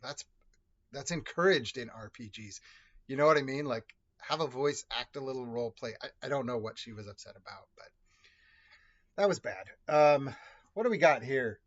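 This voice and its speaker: A man tells a casual story straight to camera, rambling and correcting himself as he goes. His voice sits at a middle pitch for a man. The recording sounds dull and lo-fi. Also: lively intonation, a little fast. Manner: rambling, self-correcting, conversational. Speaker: video host telling personal stories.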